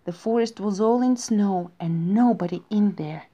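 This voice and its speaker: A woman's voice: medium pitch, moderate pace, warm tone, muffled recording, natural voice. A woman voicing a lonely, tender young male hare who tells his dream in a wistful, dreamy way. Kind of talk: storybook reading.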